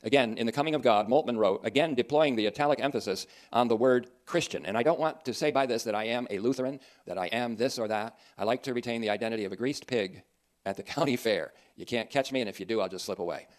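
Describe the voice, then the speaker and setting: A man delivers a sermon in an earnest, emphatic way. His voice sits at a middling pitch, and he drops in dry asides as he goes. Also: fast talker. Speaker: preacher.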